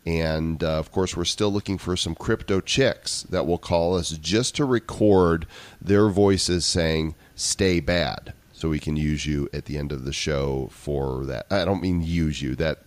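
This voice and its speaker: A man's voice: a bass voice, unhurried, dry recording. A man hosting a casual podcast, joking around and slipping into sing-song bits. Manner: playful, jokey, slips into sing-song. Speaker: podcast host.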